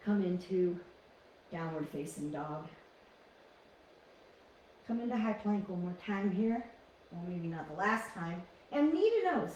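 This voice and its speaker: A woman leading a guided yoga class with calm, encouraging cues, often restarting her phrases. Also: mid-range voice, a little hiss or hum. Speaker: yoga instructor. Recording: echoey room, distant from mic.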